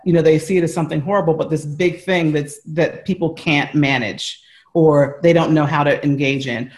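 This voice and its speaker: An American man with a fairly high pitch talks earnestly and at length as a guest in an interview. He uses plenty of fillers and restarts, and he's calling in remotely from home.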